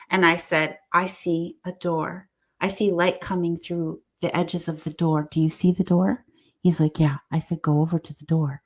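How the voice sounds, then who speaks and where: A middle-aged woman with a low, gravelly voice tells a story to a podcast host. She acts out the voices of the people she quotes with lively animation. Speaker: guest. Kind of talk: storytelling in conversation.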